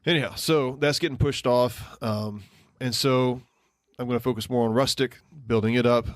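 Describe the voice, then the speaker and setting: A man's voice: medium pitch, steady tone, normal speed, no echo, clean studio sound. A man co-hosting a podcast, chatting casually and rambling a bit with ums and restarts. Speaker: podcast co-host.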